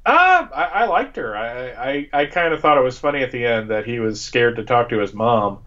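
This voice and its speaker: A man co-hosting a live fan chat, talking eagerly with quick restarts and repeated words. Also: medium pitch, a bit bright, highs cut off.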